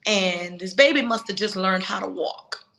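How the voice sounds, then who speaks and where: A woman's voice: mid-range voice, moderate pace, vocal fry, a bit bright. A woman guest telling a personal story on a talk show, emotional and acting out what others said. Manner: emotional, acts out quoted dialogue.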